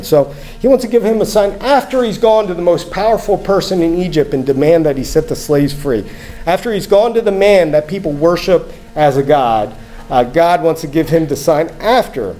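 A man's voice: on the high side, expressive, normal speed, warm tone, low-quality recording. A man giving a conversational sermon, reading scripture aloud and explaining it, often checking in with the listeners. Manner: conversational, asks "right?" often, acts out inner thoughts. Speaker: preacher.

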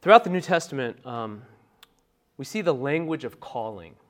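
Delivering his sermon at a normal speed, this pastor has a medium-pitched voice and is very animated. He talks with the congregation emphatically and conversationally, full of asides, moving from quiet comments to loud outbursts.

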